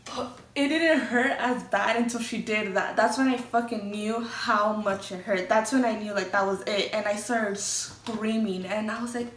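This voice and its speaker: A woman's voice: mid-range voice, normal speed, fairly bright tone, slight background noise. A young woman vlogger telling a storytime in a candid, chatty way, swearing freely. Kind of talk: casual storytime. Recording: roomy echo, from a distance.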